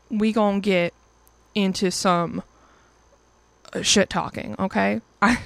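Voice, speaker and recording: A woman's voice: mid-range voice, steady tone, slow pace, vocal fry, a bit bright, dry recording. A young woman in her twenties casually telling a personal story as host, chatty and profane, acting out quoted lines in livelier voices. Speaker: podcast or vlog host.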